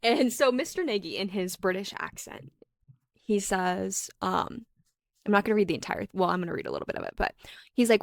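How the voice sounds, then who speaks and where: A woman's voice: medium pitch, expressive, a little fast, creaky, dry recording, clean studio sound. A woman co-hosting a book podcast in casual chat, giggly and reading passages aloud. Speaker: podcast co-host.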